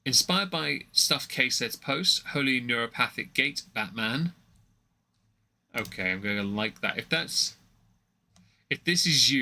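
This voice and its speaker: Bright-voiced man rambling through stream commentary. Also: mid-range voice, lively intonation, a little slow, vocal fry. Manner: rambling, mocking, many fillers and restarts. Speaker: livestream commentator. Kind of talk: casual livestream commentary.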